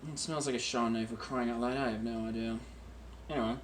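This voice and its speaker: A man hosting a casual wine-tasting vlog at home in a deliberately put-on British accent, joking and rambling about himself while recording on a phone. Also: medium pitch, steady tone, slight background noise. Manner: jokey, rambling and self-mocking.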